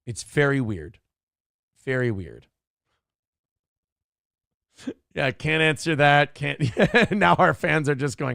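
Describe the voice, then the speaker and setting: A man's voice: mid-range voice, very animated, takes it slowly, gravelly, long pauses, a bit bright, no echo, clean studio sound. A man in his thirties hosting a livestream, casually chatting with viewers and reading out donation messages, laughing and bantering often. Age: 30s. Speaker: livestream host.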